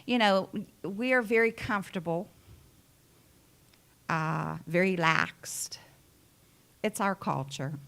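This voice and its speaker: A woman from the United States preaching a sermon in an unhurried, conversational way with many asides. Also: mid-range voice, lively intonation, vocal fry, fairly bright tone.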